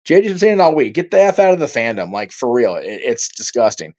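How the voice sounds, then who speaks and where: A man's voice: medium pitch, sing-song, quick pace, a little mellow. A man hosting a casual livestream, reading out viewer comments and reacting in a rambling, heated way, swearing freely and using many fillers. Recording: dull lo-fi stream audio.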